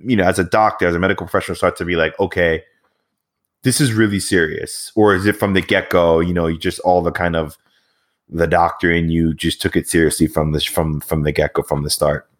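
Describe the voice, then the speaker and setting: A man with a very deep, low voice hosts a conversational interview. He talks loosely and rambles, filling his pauses with "um" and "you know.". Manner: relaxed, rambling, many fillers.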